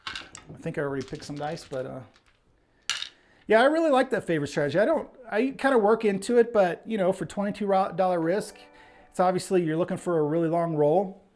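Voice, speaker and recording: High-voiced and lively in intonation, this streamer talks briskly with a darkish tone, and a faint hiss or hum runs under the audio. He chats casually, calls the play as it happens, sounds a little winded, and reads viewer names out loud.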